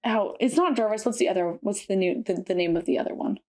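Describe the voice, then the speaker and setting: A woman's voice: medium pitch, fast, a little mellow. A young woman co-hosting a podcast, retelling stories in casual chat with lots of fillers. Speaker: podcast co-host.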